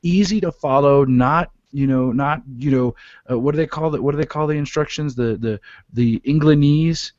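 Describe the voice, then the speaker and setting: A man's voice: a little high, moderate pace, a little mellow, no room sound. A male radio host talking casually, joking and rambling with lots of fillers and restarts in a studio. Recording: dull, dry studio sound.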